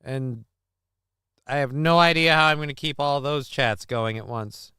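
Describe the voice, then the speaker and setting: A man's voice: mid-range voice, unhurried, bright, forceful tone, clean tone, no echo, clean studio sound. A man hosting a casual live-streamed talk show, rambling, chatting with viewers and reading news, wiped out and fuzzy. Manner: rambling, chats with viewers, reads news aloud. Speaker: show host.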